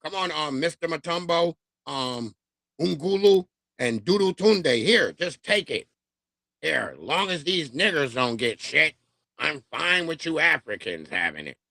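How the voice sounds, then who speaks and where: A man voicing a condescending man who hands things over in a quiet, offhand, mocking way. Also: on the high side, big pitch swings, a little slow, gravelly, no echo, studio quality, full character voice.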